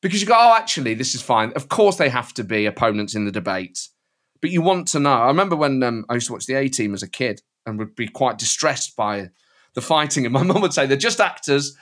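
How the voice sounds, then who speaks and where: A man guesting on a podcast, chatting in an animated storytelling way. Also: medium pitch. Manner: animated, storytelling, slips into impressions. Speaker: guest, satirist and impressionist. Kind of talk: casual podcast chat.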